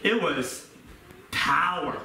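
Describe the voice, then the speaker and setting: A man's voice: on the high side, lively intonation, very slow, sharp tone, slight background noise. A middle-aged man preaching a sermon in an earnest, repetitive way, recorded from a distance in an echoey room. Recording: echoey room, mic far off.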